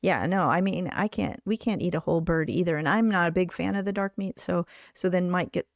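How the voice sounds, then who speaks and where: A woman's voice: on the low side, fairly quick, gravelly, dry recording, lo-fi sound. An older woman hosting a livestream from home, chatting in a rambling way with many fillers. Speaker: livestream host. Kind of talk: casual chat.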